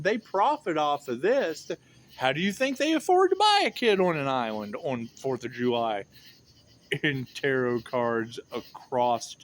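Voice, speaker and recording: A man's voice: mid-range voice, slight background noise. A man giving a rambling, sardonic and profane monologue as a tarot reader, often repeating himself.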